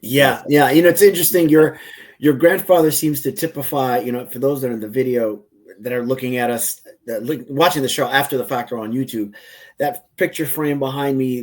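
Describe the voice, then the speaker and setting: A man hosting a podcast interview, his voice in an average pitch. He muses reflectively and drifts into chatty asides. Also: a little mellow. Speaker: host.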